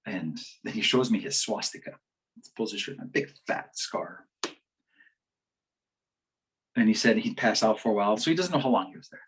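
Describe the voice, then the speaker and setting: A man's voice: medium pitch, husky, poor audio. A man giving a community health talk, telling a story in a conversational way, often restarting and quoting what others said. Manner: conversational, repeats words and restarts, quotes others. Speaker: health educator. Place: online community forum session.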